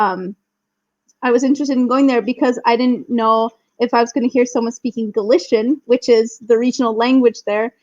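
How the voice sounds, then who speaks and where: A young woman with a fairly high voice talks eagerly as a podcast guest, sprinkling her sentences with "like." The sound is dry and close, a little dull and lo-fi. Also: a little mellow, no echo. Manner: chatty, many "like" fillers, enthusiastic. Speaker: guest, Spanish teacher. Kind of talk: casual podcast chat.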